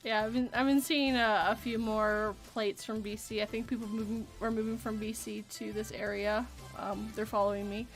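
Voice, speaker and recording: A woman with a Canadian accent hosting a casual podcast chat, chatty and quick to laugh. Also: fairly high pitch, level tone, faint music behind. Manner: giggly, chatty. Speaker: podcast host.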